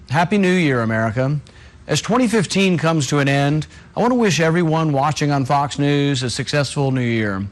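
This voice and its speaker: A man running for president giving a recorded New Year greeting in a measured, speech-like way. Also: fairly high pitch. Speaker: presidential candidate.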